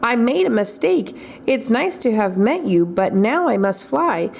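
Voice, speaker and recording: A woman voicing a big hungry male dragon in a read-aloud storybook, speaking low and slow. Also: sing-song, gravelly, full character voice. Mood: sheepish.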